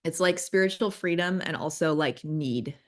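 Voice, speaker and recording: A woman's voice: deep voice, moderate pace. A woman in her forties, a children's ministry guest, telling candid, self-deprecating stories in casual conversation.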